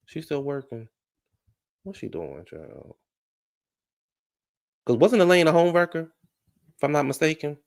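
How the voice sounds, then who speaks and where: A man giving a sassy, gossipy casual recap of a reality show, talking back at the cast with a gravelly voice. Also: a little high, very animated, unhurried, long pauses, no echo, studio quality.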